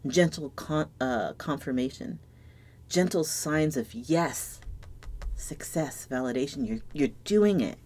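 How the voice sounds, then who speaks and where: A woman with a low voice reads tarot cards on her own. She speaks softly and reflectively, often dropping to a near-whisper. She sounds moved and searches for the right words as she goes. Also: husky. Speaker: tarot reader. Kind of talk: solo tarot reading to camera.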